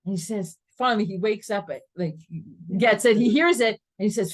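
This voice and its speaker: A woman teacher giving a lively class, telling stories animatedly, laughing often and weaving in Hebrew terms. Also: medium pitch, brisk. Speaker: Torah teacher. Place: classroom with students.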